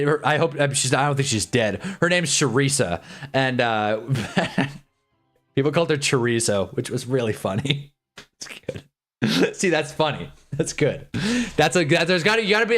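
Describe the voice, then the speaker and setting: Young man, 20s, livestream rant, lively swooping pitch, rambling, joking. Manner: animated, jokey, rambling with frequent laughs. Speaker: livestream host.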